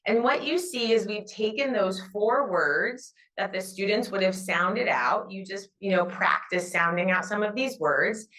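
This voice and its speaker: A woman's voice: mid-range voice, a little slow, few pauses, a bit bright, low-quality recording. A middle-aged woman, an educator, giving a conference talk and modeling classroom reading cues in a raised, teacherly voice. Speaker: educator presenting at a summit.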